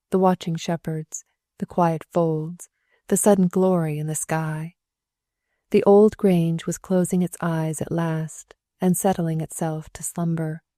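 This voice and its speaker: A woman narrating a classic novel as an audiobook, gentle and measured, close to the mic. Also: lowish voice, no echo. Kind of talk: scripted narration.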